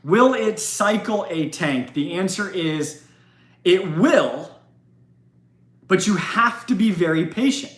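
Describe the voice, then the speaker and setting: A man's voice: high-pitched, lively intonation, slow. Brief: casual, rambling male streamer answering viewer questions in a roomy space. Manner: chatty, laughs often, rambling. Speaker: livestream host. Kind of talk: casual live Q&A chat. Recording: roomy echo.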